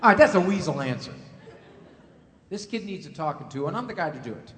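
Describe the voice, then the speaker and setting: Animated middle-aged man telling comic stories. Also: on the high side, brisk. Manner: animated, acts out family members. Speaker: speaker on parenting. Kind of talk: comedic talk to a live audience. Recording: echoey hall.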